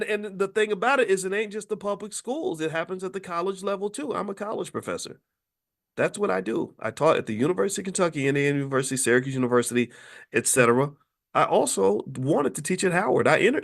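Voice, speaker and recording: A podcast host delivers a fiery monologue, firing off rhetorical questions at his listeners. He talks in a fairly high voice that leaps and dips with great animation. He sounds impassioned and preachy throughout. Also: sing-song, fast, fairly bright tone. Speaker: podcast host and finance professor.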